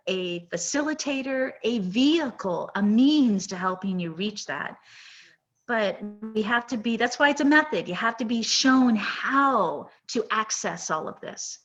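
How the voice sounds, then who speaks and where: A woman's voice: a little high, highs cut off. A woman hosting a live podcast, telling an emotional story in an earnest, rambling way. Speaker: podcast host.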